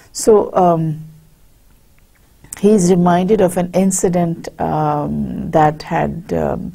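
A woman lecturer talks through a story at an unhurried pace, reading lines aloud and then explaining them. Her voice is low and dark, with a gravelly, husky edge, and she pauses often with fillers and restarts. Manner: slow, hesitant, with many fillers and restarts. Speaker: literature lecturer.

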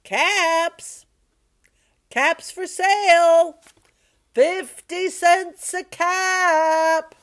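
An older woman voicing an angry male cap peddler who scolds slowly and loudly. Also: very high-pitched, steady tone, voice pushed up, heavily acted. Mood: calling out. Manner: loud, slow, scolding.

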